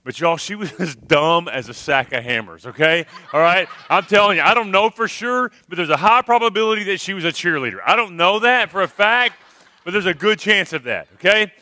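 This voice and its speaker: A man telling a funny camp story to a youth crowd as a former youth minister, animated and tagging his sentences with "okay? all right?". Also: sits high, fairly quick. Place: live youth camp worship service.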